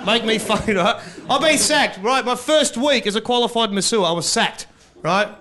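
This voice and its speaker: A man's voice: sits high, moderate pace, bright, forceful tone. A man doing live stand-up comedy on stage, loose and chatty, laughing at his own jokes and working the crowd.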